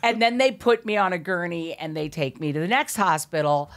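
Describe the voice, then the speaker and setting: A middle-aged woman telling an animated story as a podcast guest, laughing often, swearing and acting out quotes. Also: lowish voice, brisk.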